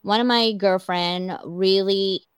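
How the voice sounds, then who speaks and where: A woman hosting a casual conversation, telling stories in a chatty, animated way. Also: mid-range voice, takes it slowly, smooth, dry recording. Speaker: host. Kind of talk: casual chat.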